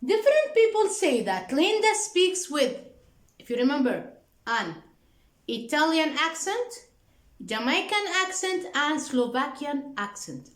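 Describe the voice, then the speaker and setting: A woman teaching an English workbook lesson with an Arabic accent, slowly repeating answers and prompting the class with questions. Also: high voice, echoey room, low-quality recording. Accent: Arabic-speaking. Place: classroom with a board.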